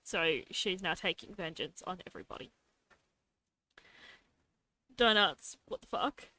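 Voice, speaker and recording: A woman's voice: fairly low pitch, animated, a little slow, sharp tone, no echo. A young woman streaming casually, talking to herself as she draws and adding playful little sound effects. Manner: talks to herself while drawing, adds playful sound effects. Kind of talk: casual live-stream chatter while drawing.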